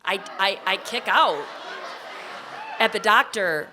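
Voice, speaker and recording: A woman's voice: medium pitch, expressive, slow, a crowd in the background, noisy background. A woman telling a personal story on stage, in a vivid, emotional present-tense retelling.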